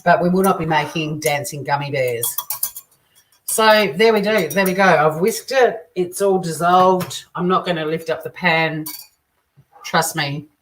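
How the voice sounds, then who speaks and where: Low-voiced Australian woman chatting while cooking. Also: unhurried, a little hiss or hum. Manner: chatty, crude joking, reads out viewer comments. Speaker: cooking stream host. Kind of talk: casual live cooking chat. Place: home kitchen. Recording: distant mic with faint kitchen clatter. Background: clinking dishes and cutlery.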